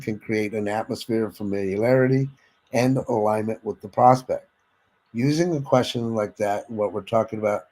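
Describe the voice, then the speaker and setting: Male sales trainer, lowish voice, instructive delivery that demonstrates tones and checks in with listeners. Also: warm tone, poor audio. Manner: instructive, addresses listeners directly with frequent "okay?"; demonstrates vocal tones and inflections while teaching.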